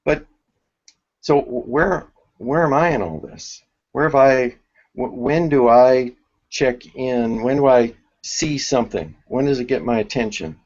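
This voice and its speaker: A man teaching a spiritual workshop, thinking aloud with many restarts and pauses. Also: medium pitch, a little mellow, muffled recording.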